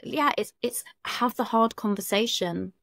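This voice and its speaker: A woman's voice: fairly high pitch, measured pace, gravelly, fairly bright tone, no room sound, clean studio sound. A British woman, a relationship coach, talking frankly on a podcast and swearing casually. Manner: frank, chatty, swears casually, many fillers. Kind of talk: candid podcast conversation.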